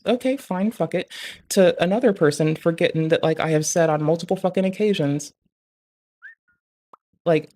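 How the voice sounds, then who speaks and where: Mid-pitched and a touch mellow, this voice belongs to a streamer blowing off steam. The rant is casual and meandering, packed with profanity and constant fillers like "like" and "bruh."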